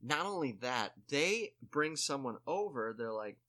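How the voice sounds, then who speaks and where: A man's voice: medium pitch, sing-song, measured pace, sharp tone. A man telling a story in casual chat, rambling with lots of "like" and restarts and poking fun at himself. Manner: rambling, full of "like" and restarts, self-mocking.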